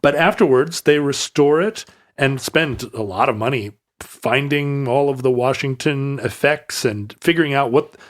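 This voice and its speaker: A man's voice: mid-range voice, moderate pace. Rambling male history storyteller. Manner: rambling with restarts and asides. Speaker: podcast host telling a history story. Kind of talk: casual storytelling chat.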